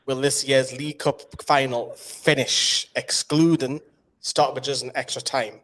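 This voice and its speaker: A man's voice: medium pitch, steady tone, measured pace, fairly bright tone, slight background noise. A man with a Geordie accent hosting a casual live quiz, chatty and explaining the rules at length. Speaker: quiz host.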